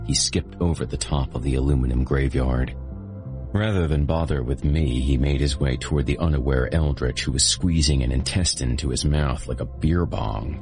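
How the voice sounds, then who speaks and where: A man hosting and narrating a horror audiobook in a steady first-person storytelling manner. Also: very deep voice. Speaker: host and narrator.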